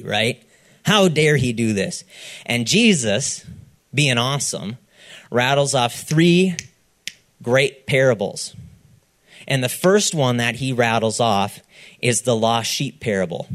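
A man preaching a sermon, retelling a parable with lively delivery, acting out the characters' lines and checking in with his listeners. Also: mid-range voice. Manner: checks in with the audience, "okay?". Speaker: pastor.

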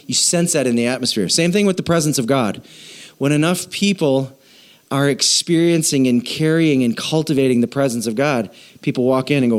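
A man preaching to his church congregation, joking with them and prompting them to call back, moving between quiet asides and loud emphatic lines. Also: mid-range voice. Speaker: pastor. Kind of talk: sermon.

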